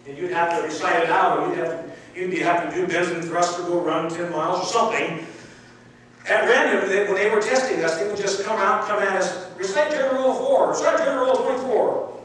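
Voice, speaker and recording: A man's voice: sits high, fairly even intonation, fairly bright tone, far from the mic, slight background noise. Emphatic preacher, man, echoing church. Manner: emphatic, repeats key words with long pauses. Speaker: pastor. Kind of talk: sermon. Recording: echoey room, heard from afar.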